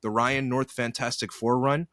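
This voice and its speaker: A man co-hosting a podcast in casual chat, animated and slangy, rambling through his takes. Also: mid-range voice, moderate pace, dry recording, clean studio sound. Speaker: podcast co-host. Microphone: podcast mic.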